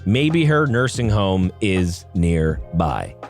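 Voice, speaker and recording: Guy doing a loud deadpan dude faking concern. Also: sits low, slow, soft background music, pitched below the performer's own voice, heavily acted. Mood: mock concern. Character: calm, deadpan man shutting down a rude shopper.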